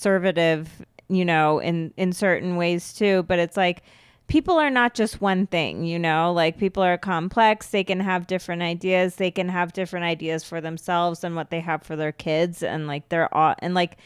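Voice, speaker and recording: A woman's voice: on the low side, normal speed, clean tone, no room sound, clean studio sound. A woman co-hosting a podcast, chatting about a reality show in long, reflective run-on thoughts. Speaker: podcast co-host. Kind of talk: casual reality-show recap chat.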